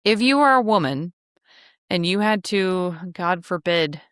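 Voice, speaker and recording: A woman coaching listeners on a casual podcast, her low-ish voice smooth and clean. She talks in a frank, chatty way and throws in joking asides. The sound is close and dry. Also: animated, a little slow, fairly bright tone, no room sound. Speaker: podcast host, travel agency coach.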